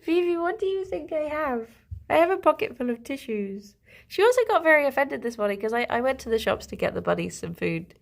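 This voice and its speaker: Talking loosely to a live audience, this young woman often giggles and turns aside to speak to her pet rabbits at home. Her voice is high, animated and gravelly, moving a little fast.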